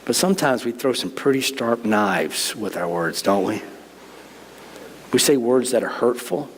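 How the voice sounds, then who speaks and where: A man's voice: mid-range voice, animated, unhurried, a little hiss or hum. A middle-aged man preaching a conversational sermon to his congregation, joking and folksy as he talks straight to them. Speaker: pastor. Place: church sanctuary. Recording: long reverb of a church sanctuary.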